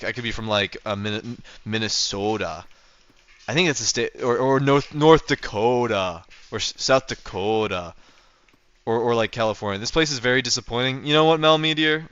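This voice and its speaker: A young man streaming a game, bantering with his chat in a bright, smooth voice. He jokes and teases as he answers viewers. The sound is dry and slightly dull, from a home mic. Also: medium pitch, moderate pace, no echo. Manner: joking, teasing, reacting to chat. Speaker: livestreamer. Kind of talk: casual livestream chat while playing.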